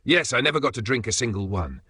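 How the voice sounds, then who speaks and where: A man voicing a smug, bumbling male secret agent with a deadpan, mock-suave delivery. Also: medium pitch, fast talker, breathy edge, exaggerated voice.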